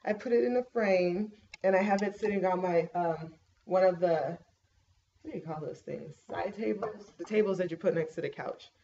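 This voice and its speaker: A young woman in a casual home vlog, chatting through a pregnancy update with plenty of fillers and lively storytelling. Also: on the low side, moderate pace, vocal fry. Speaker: vlogger. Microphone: laptop webcam mic. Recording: dull laptop mic with faint hiss.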